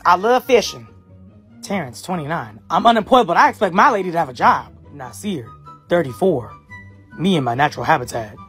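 Woman doing deadpan low-voiced dating-profile guys. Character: assorted young men reading dating-profile lines.

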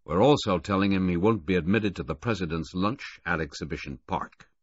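A man reading the part of a middle-aged racing official in an audiobook, earnest and steady. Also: deep voice, dry recording, lo-fi sound. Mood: brisk. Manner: earnest, halting when grieving.

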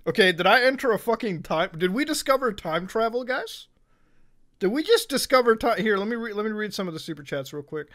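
A man streaming live who rants in a high, sarcastic voice. He swears constantly, pushes every point hard, and keeps tacking "okay?" and "all right?" onto his sentences. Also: sing-song, brisk, a bit bright. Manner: profane, emphatic, sarcastic. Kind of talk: casual live-stream rant.

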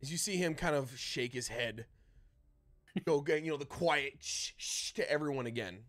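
A man narrating a tabletop game as dungeon master, describing scenes in a halting way with many fillers. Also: medium pitch, fairly bright tone, no room sound.

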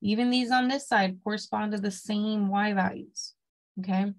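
A woman's voice: medium pitch, fairly even intonation, moderate pace, poor audio. A woman lecturing a college math class, explaining step by step and checking in with "okay?" after each point. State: has the hiccups. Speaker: math instructor.

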